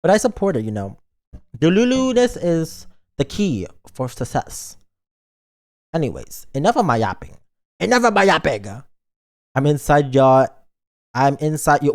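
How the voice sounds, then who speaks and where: A man's voice: mid-range voice, big pitch swings, measured pace, long pauses, darkish tone. A man streaming a game in a silly, joking and rambling way. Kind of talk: casual game stream chat.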